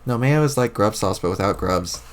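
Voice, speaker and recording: A man voicing an aloof, sarcastic teenage boy with a flat, dry delivery, read aloud from a webcomic on stream. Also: fairly low pitch, moderate pace, pitched below the performer's own voice, lightly acted. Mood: deadpan.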